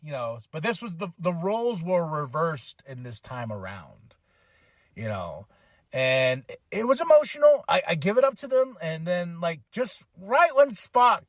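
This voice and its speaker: A man's voice: fairly high pitch, very animated, measured pace, no room sound, clean studio sound. A man hosting a podcast, casually retelling a film plot in a slangy, rambling way full of fillers. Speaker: podcast host. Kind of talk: casual movie review recap.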